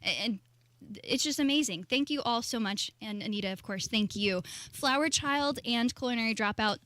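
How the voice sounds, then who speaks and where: A woman's voice: fairly high pitch, normal speed, fairly bright tone. A woman co-hosting a live radio show in the studio, bubbly and gushing with enthusiasm. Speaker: radio co-host. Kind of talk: casual live radio chat.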